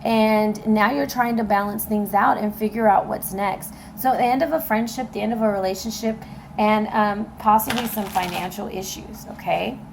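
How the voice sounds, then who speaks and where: A woman's voice: medium pitch, fairly even intonation, normal speed, gravelly, a little hiss or hum. A woman giving a casual tarot reading, chatting straight to her viewers with loose fillers. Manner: chatty, addresses viewers directly, frequent fillers and laughs. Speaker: tarot reader.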